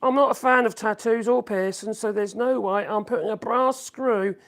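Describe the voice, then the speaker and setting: In a home workshop, someone streams live from a phone, wandering from thought to thought, reading chat aloud, humming, and chuckling frequently. Their voice sits at a medium pitch with a fairly bright tone and a normal speaking speed.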